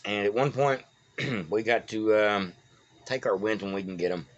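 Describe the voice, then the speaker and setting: A folksy Texan man with a fairly low voice rambles through casual commentary, stumbling over names as he goes. His voice comes through a dull, lo-fi phone recording. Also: fairly even intonation, moderate pace. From Texas. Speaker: political vlogger.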